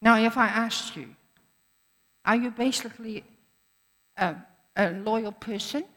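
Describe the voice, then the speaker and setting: A woman's voice: a little high, measured pace, a bit bright. A woman preacher giving a sermon in an earnest manner, repeating phrases for emphasis. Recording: echoey hall.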